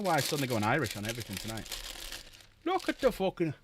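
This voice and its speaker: A man's voice: medium pitch, huge pitch swings, fast talker, a little hiss or hum. A man chatting casually with his live-stream viewers, joking and swearing freely. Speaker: live streamer greeting chat. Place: home room while painting miniatures.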